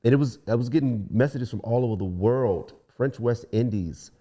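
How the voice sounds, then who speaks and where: A man's voice: mid-range voice, moderate pace. A young man from Washington DC, a guest singer, telling stories in a casual podcast interview and acting out the people he quotes. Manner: relaxed storyteller, acts out quoted voices.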